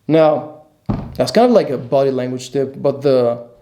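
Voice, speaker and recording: A man's voice: mid-range voice, measured pace, dark tone, echoey room. A man coaching other men on dating in a blunt, emphatic monologue, repeating his points and swearing casually. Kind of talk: instructional monologue.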